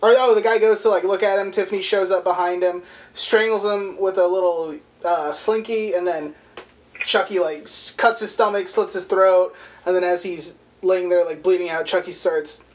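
A man's voice: high-pitched, fairly even intonation, normal speed. A man co-hosting a movie podcast, recapping the plot in profane, rambling casual chat and acting out quotes. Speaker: podcast co-host.

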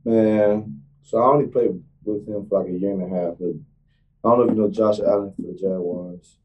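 A young man, a college football player, answering interview questions in a halting, casual way, often restarting his sentences. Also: lowish voice, steady tone, lo-fi sound. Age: young adult.

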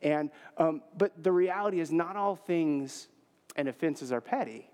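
Pastor, forties, male, higher-pitched voice, relaxed anecdotal sermon delivery, reverberant church sound. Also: a little slow. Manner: conversational storytelling with fillers. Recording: long hall reverb.

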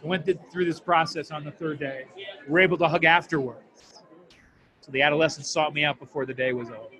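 A man speaks in a slightly high voice, earnest and heartfelt, as he tells a story from his work with families dealing with addiction. His talk is interview storytelling. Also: fairly even intonation, a little fast, bright, forceful tone. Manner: earnest, heartfelt, moved to emotion. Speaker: family addiction program counselor.

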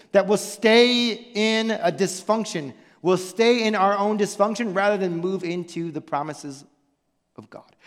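Pastor, man, high-pitched voice; emphatic sermon delivery with rhetorical questions, long church-hall reverb. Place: church sanctuary.

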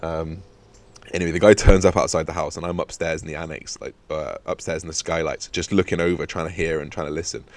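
A man's voice: a bass voice, fast talker. A young man in his twenties hosting a podcast, telling a casual story full of swearing and acted-out quotes. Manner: swears freely, animated anecdote with acted-out quotes. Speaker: podcast host.

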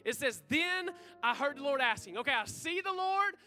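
A man's voice: extremely high pitch, lively intonation, moderate pace, sharp tone. A young man preaching a fervent sermon as pastor, calling out to his congregation. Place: church sanctuary.

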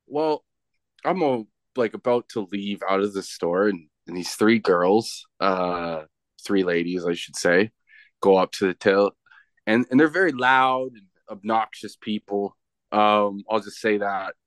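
A man's voice: on the low side, unhurried, a bit bright, dry recording. A man from Canada, a wrestler being interviewed, telling a story in a rambling, casual way with many restarts. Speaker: professional wrestler, guest.

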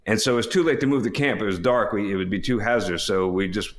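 A man's voice: lowish voice, fast talker. A man, a former astronaut, telling a long story in casual chat, rambling, restarting and laughing as he goes. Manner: rambling, self-interrupting storyteller, laughs often. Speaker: former astronaut, podcast co-host. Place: home by the water.

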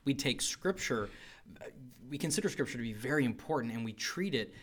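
A man's voice: mid-range voice, animated, brisk, fairly bright tone. Man co-hosting a casual Bible talk. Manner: conversational, emphatic, thinks aloud. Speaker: podcast co-host.

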